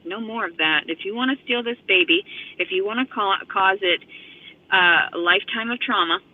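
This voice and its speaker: A woman's voice: mid-range voice, normal speed. A woman rambling to her phone camera in an agitated, profane monologue, a little out of breath. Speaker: vlogger. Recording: tinny phone-like audio.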